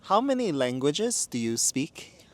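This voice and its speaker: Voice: medium pitch, big pitch swings, unhurried. An interviewer in a casual chat who asks short questions and keeps brief prompts going. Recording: faint noise, without a mic.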